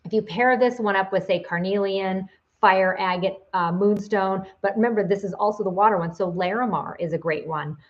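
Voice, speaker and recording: A woman's voice: mid-range voice, moderate pace, lo-fi sound. A woman giving a casual video lesson as a psychic teacher, chatty, with many fillers and restarts.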